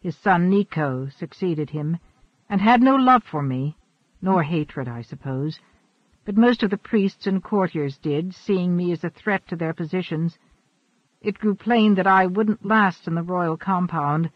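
A man voicing a calm, ageless immortal adventurer who speaks in a measured, earnest and formal way. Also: high-pitched, no room sound. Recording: dry, dull lo-fi.

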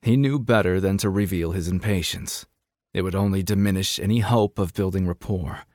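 A man reads a gritty novel aloud in a measured, dramatic narration. His voice sits on the low side, and the recording is close and dry, with no room sound. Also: a little mellow, no echo. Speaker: audiobook narrator. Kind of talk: scripted narration.

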